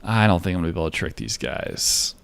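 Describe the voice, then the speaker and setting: Rambling, profane low-voiced man. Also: sing-song, fast, vocal fry, fairly bright tone, slight background noise. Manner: rambling, profane, many fillers. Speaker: livestreamer trading stocks. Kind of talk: casual live-stream chat.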